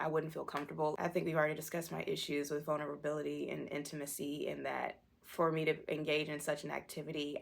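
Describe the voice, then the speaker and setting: A woman's voice: deep voice, vocal fry. A young woman in her twenties, talking candidly about her life in a personal vlog. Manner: candid, self-deprecating, candid storytelling. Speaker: vlogger.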